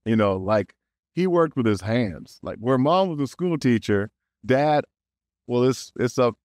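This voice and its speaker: A man guesting on an interview, telling stories in a lively way, often laughing and acting out quotes. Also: mid-range voice, measured pace, no room sound, studio quality. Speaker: voice actor guest. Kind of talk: casual interview storytelling.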